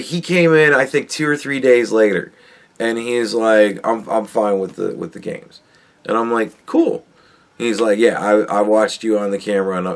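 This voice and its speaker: Profane, rambling male podcast storyteller. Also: fairly low pitch. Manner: profane, rambling and animated, acts out quoted dialogue. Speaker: podcast host. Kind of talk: casual storytelling.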